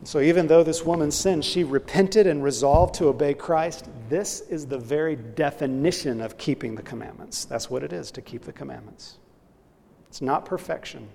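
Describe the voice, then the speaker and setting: A man's voice: on the high side, moderate pace, gravelly, warm tone, in a large hall, a little hiss or hum. A man preaching a sermon, earnestly illustrating his point with a story.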